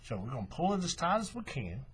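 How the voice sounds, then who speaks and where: Man, craft tutorial host, folksy hands-on explaining, lively up-and-down pitch, faint background hum. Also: fast. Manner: relaxed, folksy, talks while working with his hands. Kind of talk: step-by-step hands-on demonstration.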